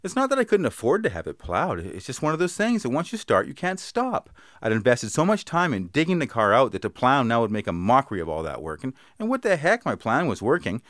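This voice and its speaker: Wry, animated storytelling man. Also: medium pitch, fairly quick, no echo, studio quality. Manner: wry, self-mocking, laid-back. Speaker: comedy performer. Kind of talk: comic sketch and humorous storytelling.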